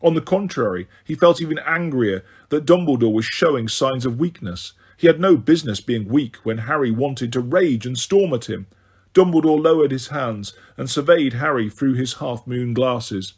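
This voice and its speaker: A man narrating a novel for an audiobook in a steady, even storytelling manner. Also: medium pitch, normal speed, husky. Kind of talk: scripted narration.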